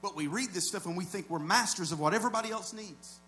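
High-voiced man preaching a sermon, mains hum. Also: quick pace. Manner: conversational preaching that swings from low asides to loud shouted peaks. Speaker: pastor.

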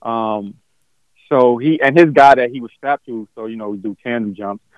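A man's voice: medium pitch, moderate pace, dry recording, dull audio. A man telling a story in casual chat, rambling with many fillers and restarts.

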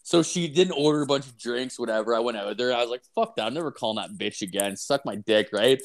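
A young man, rambling and profane, telling an animated anecdote in casual chat with filler words everywhere. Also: medium pitch, fast talker. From Canada. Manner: animated, acts out voices in anecdotes.

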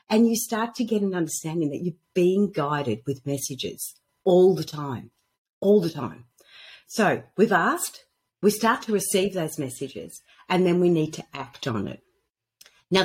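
A woman guest on a casual podcast, telling animated stories and acting out the dialogue in them. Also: lowish voice, breathy edge. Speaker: guest author on intuition. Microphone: podcast microphone at a computer.

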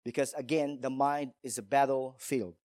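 A man's voice: medium pitch, steady tone, normal speed, darkish tone, no echo, studio quality. A male pastor preaching a sermon in a church, emphatic, telling stories and asking rhetorical questions.

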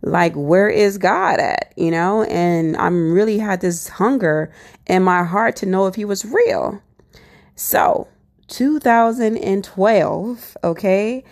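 A woman in her twenties sharing a personal faith testimony, animated and acting out her past thoughts with lots of "like" and "you know". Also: on the low side, slow, creaky.

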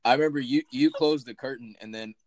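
A young man hosting a casual podcast, teasing his guest with quick interjections. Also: medium pitch, darkish tone, no echo. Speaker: podcast host.

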